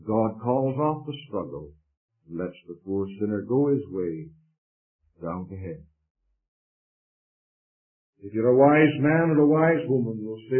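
Man preaching revival style, goes loud then real quiet, tinny phone-ish old tape. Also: fairly low pitch, animated, slow, pauses often. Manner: dramatic swings from loud urging to hushed warnings. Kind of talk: evangelistic sermon.

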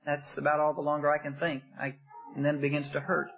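A man preaching a sermon with impassioned rhetorical questions, swinging between loud emphasis and hushed asides. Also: fairly high pitch, monotone, quick pace, gravelly, lo-fi sound.

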